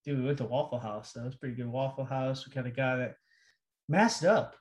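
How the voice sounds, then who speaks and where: A man's voice: mid-range voice, fairly quick. A man co-hosting a podcast in casual, loose chat, swearing often and rambling with restarts. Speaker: podcast co-host.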